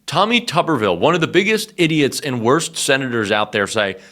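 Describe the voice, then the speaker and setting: A male political commentator with a mocking, profane edge and quick asides. His pitch sits in the middle range. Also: expressive, fairly bright tone.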